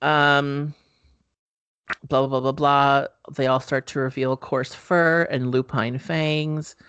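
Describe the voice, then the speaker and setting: A man in the middle of a chatty recap, talking loosely with plenty of ums and casual swearing. His voice sits at an ordinary pitch. The sound is dry and close, with no room around it. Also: level tone, slow, a bit bright, clear, resonant tone, dry recording, lo-fi sound. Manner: rambling, filler-heavy, swears casually. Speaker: podcast host. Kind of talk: casual movie recap chat.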